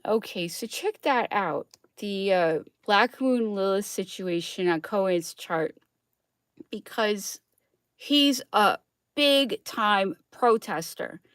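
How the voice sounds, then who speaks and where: A woman's voice: mid-range voice, lively intonation, takes it slowly, fairly bright tone, smooth, dry recording. Chatty woman astrology host, dry sound. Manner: chatty, keeps checking in with "okay?"; laughs often while talking. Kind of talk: casual monologue.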